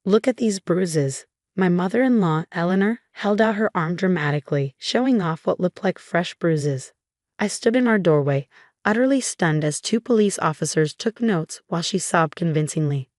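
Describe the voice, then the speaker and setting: A woman with a low voice tells a scripted story in the first person, keeping an even, measured delivery. The recording is dry and close, with no room sound. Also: no echo. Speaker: narrator.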